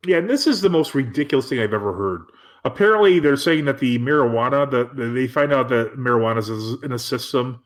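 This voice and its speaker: A man's voice: mid-range voice, lively intonation, brisk. A man co-hosting a podcast, chatting about a TV episode with skeptical asides. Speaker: podcast co-host. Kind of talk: casual chat recapping a TV episode.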